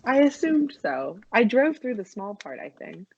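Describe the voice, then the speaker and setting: A young woman from New Jersey, co-hosting a casual podcast chat, excitable and quick to defend herself. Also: fairly high pitch, gravelly, breathy edge, dull audio. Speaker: podcast co-host.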